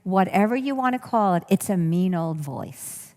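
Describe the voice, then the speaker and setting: A woman teacher speaking to an audience at a middle pitch, earnest and conversational. She often circles back and rephrases her point. Her voice carries a long hall reverb. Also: animated, moderate pace, a little mellow. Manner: earnest, rephrases and repeats for emphasis. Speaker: workshop teacher. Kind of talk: talk to an audience.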